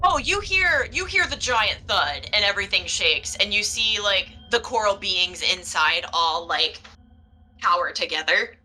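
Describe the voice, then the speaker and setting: A woman's voice: mid-range voice, big pitch swings, measured pace, sharp tone, a little hiss or hum, rough recording. A woman running a tabletop game as game master, describing scenes with lots of fillers. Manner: meandering, filler-heavy description.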